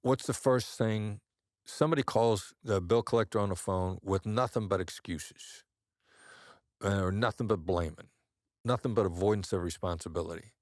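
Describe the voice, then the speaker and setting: A man as a guest on an interview podcast, telling measured anecdotes and acting out the voices he quotes. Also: on the low side, no echo, clean studio sound. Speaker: guest, negotiation expert.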